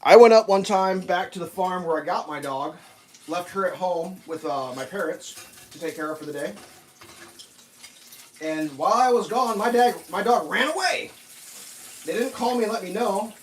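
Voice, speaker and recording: Guy rambling while he cooks breakfast, kinda high voice, faint hiss behind. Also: normal speed. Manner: storytelling, chatty, laughs at own stories. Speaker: vlogger cooking breakfast. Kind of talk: casual rambling chat while cooking.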